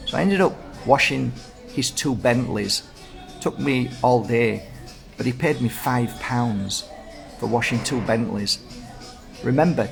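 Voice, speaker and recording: Gravelly Yorkshire man telling stories. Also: mid-range voice. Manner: rambling anecdotes with lots of reported speech. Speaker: host. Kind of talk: casual storytelling chat.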